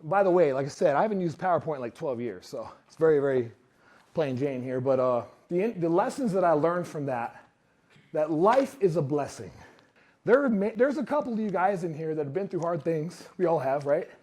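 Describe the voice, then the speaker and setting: Animated, high-pitched male storyteller. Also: a little fast. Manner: animated storyteller who acts out quotes. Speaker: speaker. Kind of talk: motivational talk to a live audience. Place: room with a live audience.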